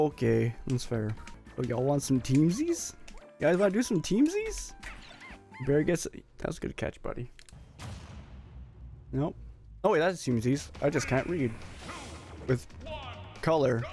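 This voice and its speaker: Male streamer, raspy and gravelly, excitable live gameplay commentary, faint game music under him. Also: mid-range voice, a little slow, pauses often. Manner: excitable, jokey, sudden yelps and laughs while playing.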